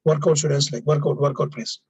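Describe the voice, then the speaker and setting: A man with a high-pitched voice teaches an English grammar lesson. He explains each rule through example sentences and repeats the key points for emphasis. His speech is sprinkled with "now" and "please," and it is recorded dry and close, with no room sound. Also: fairly even intonation, quick pace, a little mellow, slightly rough, no room sound, poor audio.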